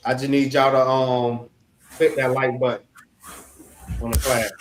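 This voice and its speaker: A man's voice: medium pitch, little pitch movement, unhurried, reverberant, rough recording. A man teaching a class over an online call, talking loosely and checking in with his listeners again and again. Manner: repeats "all right" as a check-in, loose and conversational. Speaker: class instructor. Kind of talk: casual spoken lecture.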